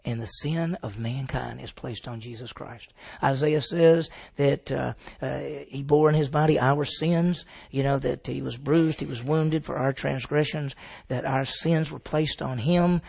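A man's voice: mid-range voice, steady tone, a little slow, creaky, a little mellow, breathy edge. A man teaching the Bible to a group, asking his listeners questions and answering them himself.

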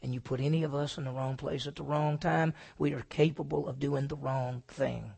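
A man preaching a sermon, swinging from loud emphatic lines to hushed, near-whispered ones and answering his own questions. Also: medium pitch, steady tone, moderate pace, creaky, slightly rough. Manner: asks the congregation questions and answers them himself. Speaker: pastor.

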